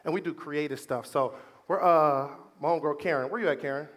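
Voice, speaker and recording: Playful high-voiced seminar host. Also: male voice, a little fast, fairly bright tone. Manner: playful, commanding, teases the audience. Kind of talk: hosting a live seminar.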